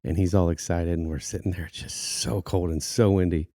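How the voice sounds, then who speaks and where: This podcast co-host has a deep voice and tells a story briskly in a casual chat, animated, laughing often and acting out quotes. There is no room sound, and the audio is studio quality.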